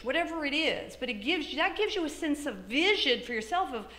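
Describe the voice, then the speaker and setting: A middle-aged woman gives a motivational talk, her high voice swooping widely as she acts out her own thoughts. Her tone is bright and forceful, and the sound carries the echo of a large lecture hall. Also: quick pace, few pauses. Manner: animated, quotes herself in lively asides. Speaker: keynote speaker.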